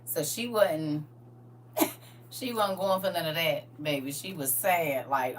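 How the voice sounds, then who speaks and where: A middle-aged woman hosting a livestream, telling family stories in a lively, laughing, colloquial way. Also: sits low, slow. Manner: animated, laughing, colloquial storyteller who talks straight to viewers. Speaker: livestream host. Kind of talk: casual storytelling chat. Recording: distant mic with faint hum.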